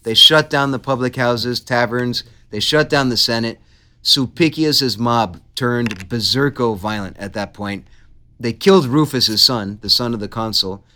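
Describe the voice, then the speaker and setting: A man hosts a history podcast, narrating with animated energy and easy humor. His voice is bright and sharp-edged, at an ordinary male pitch. He keeps it conversational, joking along with his co-host. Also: a little slow. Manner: animated, laughs easily, playful asides. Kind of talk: casual history podcast storytelling.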